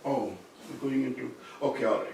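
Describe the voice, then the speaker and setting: A man's voice: mid-range voice, brisk, creaky, darkish tone, slight background noise. A man giving an academic seminar talk, explaining ideas and rephrasing his points as he goes. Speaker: seminar speaker. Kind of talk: academic lecture. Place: seminar room. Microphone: distant room mic. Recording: very echoey room from far off.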